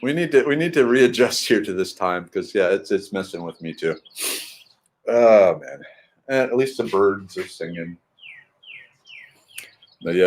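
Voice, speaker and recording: A man's voice: low-pitched, a little mellow. A middle-aged man chatting casually in a home vlog, rambling and throwing in playful sing-song asides. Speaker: vlogger.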